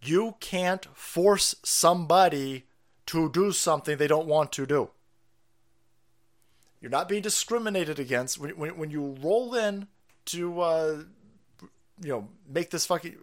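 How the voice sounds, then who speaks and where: A man hosting a live stream, giving foul-mouthed, sarcastic political commentary that swings from low mutters to shouts. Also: expressive, a little slow, pauses often. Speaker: streamer host.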